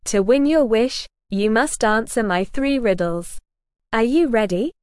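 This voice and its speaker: A woman voicing a wise old frog gentleman. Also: on the high side, animated, clear, resonant tone, dry recording, clean studio sound. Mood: formal. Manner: formal, measured riddling. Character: wise old male frog riddle-keeper, dapper.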